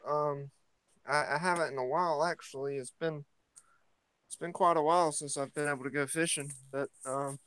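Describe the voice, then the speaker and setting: A man's voice: on the high side, moderate pace, a little hiss or hum, poor audio. A man chatting casually and rambling, with lots of fillers and restarts, as he steps out into his yard. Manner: relaxed, rambling, hesitant with many fillers. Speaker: vlogger hosting a morning chat. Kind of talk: casual chat. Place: at home, stepping outside into his yard.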